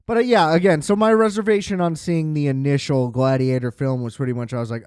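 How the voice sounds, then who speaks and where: A young man talks through a film review on his podcast, looping back on himself, swearing freely and sounding sarcastic. His voice is smooth and clear and sits a little high for a man. It is recorded close and dry, with no room sound. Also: steady tone, quick pace, hardly any pauses, a little mellow, no echo. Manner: rambling, sarcastic, swears freely, many fillers. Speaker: podcast host. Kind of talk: casual film review monologue.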